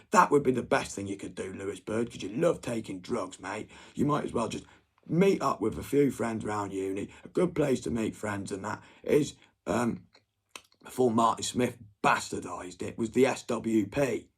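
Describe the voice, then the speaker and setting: A young man talks straight to his viewers in a rambling, agitated rant full of swearing. His voice is low, gravelly and heavily raspy throughout. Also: moderate pace.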